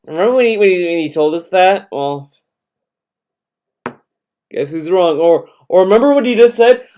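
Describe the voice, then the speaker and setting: A man's voice: high voice, lively intonation, moderate pace, long pauses, darkish tone, clean tone. A man chiming in on a live stream with sarcastic, rambling, stammering remarks. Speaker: co-host commenting. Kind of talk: casual live-stream chat.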